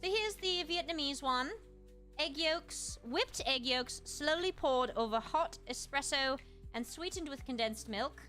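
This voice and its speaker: A woman streamer in casual chat, reading aloud and musing with quick asides to her chat. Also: high voice, expressive, sharp tone, faint music behind. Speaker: streamer host.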